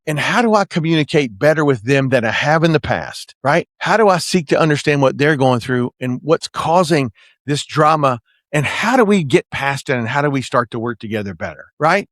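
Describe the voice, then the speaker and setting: A man's voice: fairly high pitch, animated, brisk, fairly bright tone, no room sound, studio quality. A man hosting a podcast, giving an earnest motivational coaching talk and often checking in with "right?". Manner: earnest, preacher-like, keeps asking "right?". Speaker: podcast host and management consultant.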